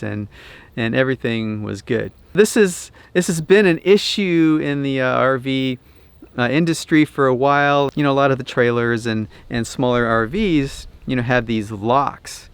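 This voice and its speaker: A man hosting an RV do-it-yourself vlog, telling a story in a chatty, relaxed way. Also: medium pitch, clear, resonant tone, dry recording. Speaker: RV DIY channel host.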